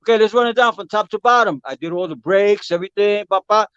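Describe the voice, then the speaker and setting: A man's voice: high voice, fast talker, clear, resonant tone, dry recording, dull audio. A man being interviewed as a guest musician, telling a story in a casual way and acting out the voices of the people in it. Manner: animated, acts out quotes of others.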